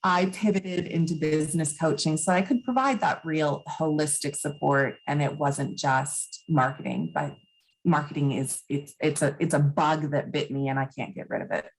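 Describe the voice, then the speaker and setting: A woman with a low, husky voice chats easily as a podcast guest. She talks like a business coach, friendly and loose, often restarting with a repeated word before she gets going. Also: moderate pace, low-quality recording. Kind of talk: casual interview chat.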